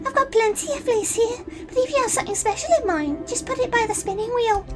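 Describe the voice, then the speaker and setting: A British woman voicing a sweet, timid little lamb creature in a soft storybook voice. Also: very high voice, fast, music in the background, pitched above the performer's own voice. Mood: gentle.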